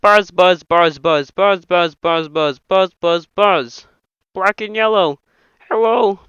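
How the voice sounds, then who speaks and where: A man doing an impression of a nasal, excitable male puppet frog, reading a whole film script aloud as every character. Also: high-pitched, measured pace, clean tone, no echo. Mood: froggy reading. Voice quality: nasal, reedy. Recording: dull lo-fi dry home mic.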